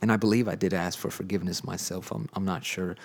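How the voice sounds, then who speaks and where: Young male podcast host, very low voice, relaxed storytelling testimony with filler words. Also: quick pace, vocal fry, breathy edge. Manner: conversational storytelling with many fillers. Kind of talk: casual spoken testimony.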